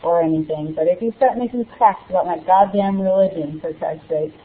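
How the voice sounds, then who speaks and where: A woman's voice: on the low side, a little fast, lightly acted. A woman voicing a grumpy teenage boy just woken from sleep, speaking in an irritated, swearing way over phone-like audio. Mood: annoyed.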